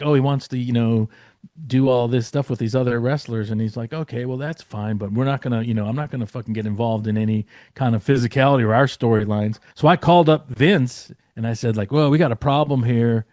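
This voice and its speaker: A man's voice: medium pitch, darkish tone, dry recording. Guy rambling thru a backstage story, lots of likes n swearing, dry close sound. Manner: rambling, many fillers and restarts, swearing. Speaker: guest writer. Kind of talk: casual storytelling.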